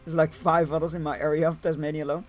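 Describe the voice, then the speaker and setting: A man's voice: on the high side, a little hiss or hum. A man streaming a strategy game live, reading the card text aloud and joking with chat, swearing now and then.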